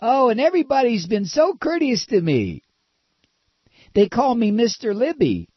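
A man's voice: very high voice, sing-song, normal speed, slightly rough, no echo, voice pushed up, exaggerated voice. A man putting on a sarcastic, mocking impression of a smug, entitled convicted official thanking the court, heard on a dull, lo-fi recording.

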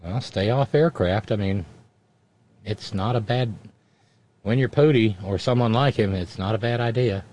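A man's voice: lowish voice, a little mellow. Wry man riffing on the news. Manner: wry, mocking, quick interjections. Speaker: commentary show host. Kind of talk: reading news with sarcastic asides.

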